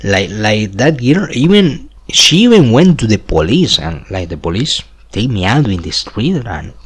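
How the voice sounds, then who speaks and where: A man's voice: fairly low pitch, big pitch swings, measured pace, husky. A man in his twenties talking in a rambling monologue, repeating "like" and chuckling between phrases. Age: 20s.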